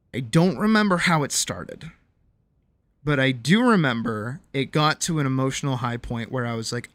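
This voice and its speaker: A young adult streamer at home, thinking out loud about a past relationship with chat, halting and full of restarts. The voice sits at an ordinary middle pitch, and the sound is close and dry, with no room around it. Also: no echo. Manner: hesitant, lots of ums and restarts, reflective. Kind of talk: candid personal storytelling to a live chat.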